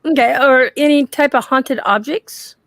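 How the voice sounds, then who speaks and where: A woman's voice: sits high, measured pace, fairly bright tone, dry recording. A woman hosting a casual interview, eager, with many encouraging interjections. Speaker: host.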